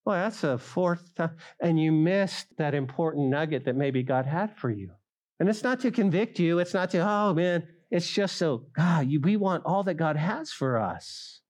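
A middle-aged male pastor preaching a sermon, speaking straight to the congregation and rising loud for emphasis. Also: fairly high pitch, expressive, normal speed. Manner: acts out quoted voices of listeners.

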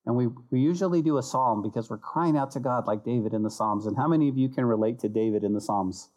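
Man preaching an animated sermon. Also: medium pitch, fast, poor audio. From United States. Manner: animated, acts out voices and repeats phrases for emphasis. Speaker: pastor.

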